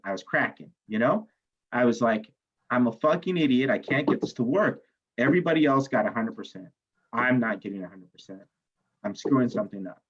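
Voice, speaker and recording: A male chemistry instructor telling a personal story in a classroom lecture, animated, often asking "right?" and swearing now and then. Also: mid-range voice, muffled recording.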